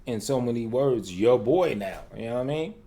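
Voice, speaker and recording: A man hosting his channel, answering a clip in relaxed, conversational and dismissive commentary. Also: medium pitch, moderate pace. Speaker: channel host replying to a clip. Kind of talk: casual reaction commentary.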